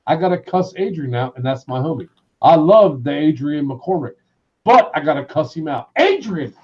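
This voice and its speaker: A man hosting a livestream in a casual rant, loud and excitable, swearing constantly and shouting people's names. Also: on the high side, moderate pace, lo-fi sound. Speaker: livestream host.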